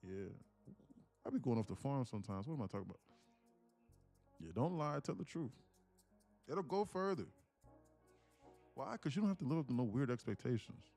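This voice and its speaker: A man's voice: mid-range voice, sing-song, normal speed, pauses often, darkish tone, soft background music. A man live-streaming his day trading, chatting casually and joking while reading viewers' comments. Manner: joking, reads chat aloud, puts on slang voices.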